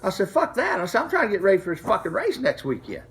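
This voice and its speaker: A middle-aged man casually telling a racing story to camera, profane and animated, acting out the people he quotes. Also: high-pitched, racing. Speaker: street racer telling a story.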